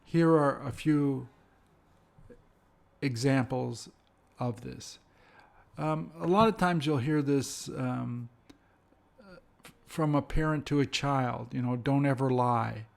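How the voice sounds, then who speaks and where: A man teaching an English lesson, speaking slowly and carefully and repeating example phrases. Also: medium pitch, creaky. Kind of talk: slow, deliberate language lesson.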